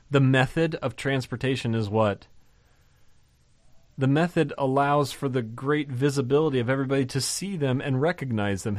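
A man's voice: mid-range voice, a little slow, pauses often, a little mellow, dry recording. A man teaching from the Bible in a conversational way, reading verses aloud and asking the listeners rhetorical questions with enthusiasm. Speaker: pastor.

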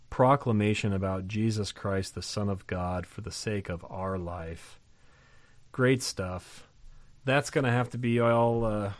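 A man hosting a podcast Bible lesson, animated in talk and reading scripture slowly and weightily. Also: fairly low pitch, no room sound.

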